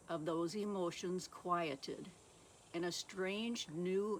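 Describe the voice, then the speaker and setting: A woman author giving an earnest, measured Christian testimony and reading passages aloud from her own book. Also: lowish voice, slight background noise.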